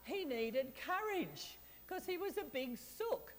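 A woman preaching a sermon, lively and chatty, often asking the audience questions and laughing. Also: sits high, takes it slowly, rough recording.

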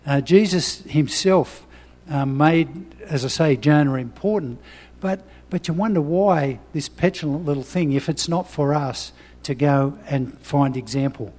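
A man's voice: a little high, unhurried, darkish tone, in a large hall. A man preaching a sermon, reading scripture and talking personally in a conversational way with frequent restarts.

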